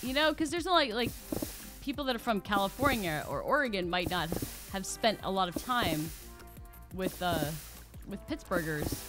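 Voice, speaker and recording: A woman's voice: medium pitch, expressive, moderate pace. A woman from Pennsylvania co-hosting a game stream, playful and giggly in casual chat. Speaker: streamer co-host. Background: game music.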